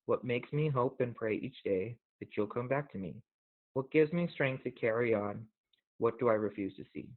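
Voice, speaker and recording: A man hosting a show, talking casually in an earnest, reflective way and reading poems aloud, gently emotional. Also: mid-range voice, normal speed. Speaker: podcast host. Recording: tinny phone-like audio.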